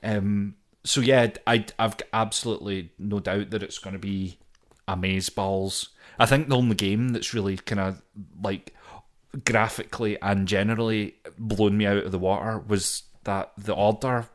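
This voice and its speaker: A man's voice: on the low side, steady tone, normal speed. A man co-hosting a casual video game podcast, rambling loosely and swearing now and then. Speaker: podcast co-host.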